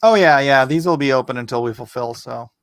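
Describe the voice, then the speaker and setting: A man on a stream as a guest, chatting casually and getting animated when something amuses him. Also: mid-range voice, fairly quick, no echo. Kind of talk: casual chat.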